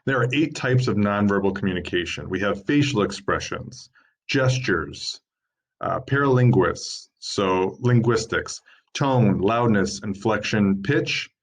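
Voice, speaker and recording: Steady, lower-voiced man presenting a workshop. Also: a little slow. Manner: steady, explanatory, lists points one by one. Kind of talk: informal lecture read from slides.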